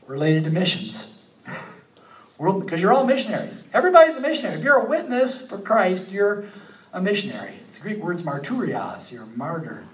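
A man preaching a sermon, animated, rising to emphatic peaks and then dropping low and quiet. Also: roomy sound, far from the mic, low-quality recording. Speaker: pastor.

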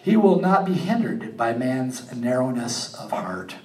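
A man preaching a sermon, animated, rising to emphatic peaks and then dropping low and quiet. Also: a little slow, echoey room, distant mic, low-quality recording. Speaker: pastor.

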